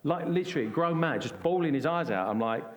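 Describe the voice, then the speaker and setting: A middle-aged man from England telling a story at a church event, animated and acting out what others said. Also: a little high, fast. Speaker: guest. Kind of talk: conversational storytelling.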